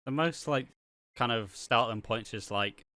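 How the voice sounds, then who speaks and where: Bright-voiced man, dry close mic. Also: medium pitch, measured pace, no echo. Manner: joking, laughing, swearing, mimics characters. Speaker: podcast co-host. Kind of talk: casual chat.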